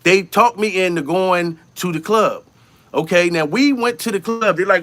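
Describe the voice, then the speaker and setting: High-voiced profane male comedian storyteller. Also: moderate pace. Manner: profane, animated, acts out quotes in raised voices. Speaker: comedian, channel host.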